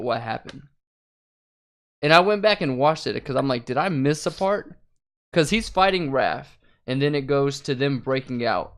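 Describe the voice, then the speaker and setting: A young man with a mid-range voice talks in a casual chat as a co-host. He recaps scenes in a relaxed, easygoing way, often laughing and stopping to ask questions. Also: medium pitch.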